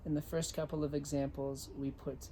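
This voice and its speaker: A man teaching a language lesson, repeating each word slowly and clearly so listeners can type it. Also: fairly high pitch, little pitch movement, warm tone, a little hiss or hum. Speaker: Spanish teacher. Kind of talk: slow dictation-style language lesson.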